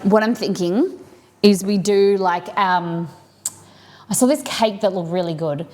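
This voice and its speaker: A woman's voice: mid-range voice, measured pace, a little mellow. A woman hosting a live cooking stream, chatting casually and thinking aloud as she works in a home kitchen.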